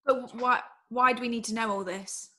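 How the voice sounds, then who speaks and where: A woman's voice: on the high side, fairly even intonation, normal speed, sharp tone. A woman asking curious questions in a scripted educational chat. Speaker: curious learner.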